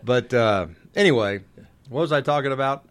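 A man's voice: medium pitch, moderate pace. Folksy rambling sports radio man. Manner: folksy, rambling, self-deprecating. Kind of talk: casual on-air chat.

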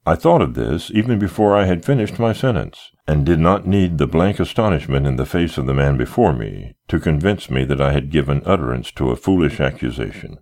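A man narrating a period novel in the first person, expressive and rising to agitated pleading in the dialogue. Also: extremely low pitch, fairly quick, hardly any pauses. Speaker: audiobook narrator.

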